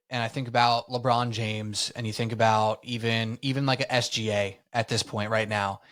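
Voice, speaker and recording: A man's voice: medium pitch, fairly bright tone. Young man, slangy casual sports-podcast co-host. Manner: laid-back, slangy, lots of "like" and "man".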